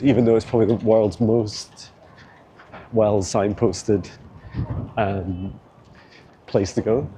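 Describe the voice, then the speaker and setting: On the low side and mellow, this man's voice carries a little hiss or hum. He hosts a walking tour vlog, filming on a handheld phone as he wanders city streets outdoors, chatting casually and laughing frequently.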